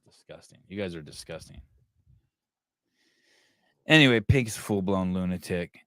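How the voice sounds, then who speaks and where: A man's voice: sits low, animated, moderate pace, sharp tone, no room sound, clean studio sound. Crude joking man hosting a podcast. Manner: crude, joking, laughs often. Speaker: podcast host. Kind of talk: casual podcast chat.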